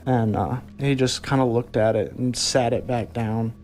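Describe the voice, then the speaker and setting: A man telling a frightening personal experience in a halting way, often restarting his sentences. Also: mid-range voice, a little mellow, soft background music. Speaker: eyewitness telling his story. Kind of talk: personal storytelling.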